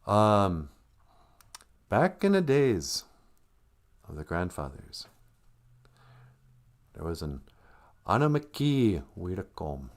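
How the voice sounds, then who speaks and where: A man's voice: low-pitched, very animated, slow pace, long pauses. A man hosting a live stream, telling a wandering comedic monologue and laughing at his own jokes.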